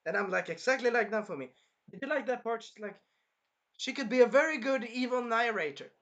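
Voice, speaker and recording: Bright-voiced young man rambling through a review. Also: very high voice, a little fast, highs cut off. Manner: rambling, profane, animated, acts out the characters. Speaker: anime reviewer. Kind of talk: casual reaction commentary.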